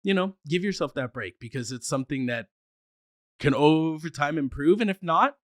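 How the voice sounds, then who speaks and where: A man's voice: a little high, expressive, moderate pace, fairly bright tone, no echo, studio quality. Stuttering man chatting as a podcast guest. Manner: stutters, many restarts; eager, laughs often. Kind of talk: casual chat.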